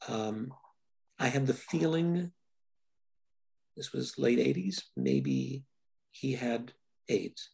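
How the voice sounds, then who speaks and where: Gravelly older man, thoughtful and halting. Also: mid-range voice, expressive, mellow. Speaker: filmmaker guest. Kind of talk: reflective interview answers.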